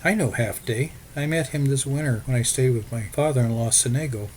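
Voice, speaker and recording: A man's voice: mid-range voice, a little fast, a little mellow, slight background noise, natural voice, poor audio. A man voicing a polite, earnest young Irish immigrant looking for farm work.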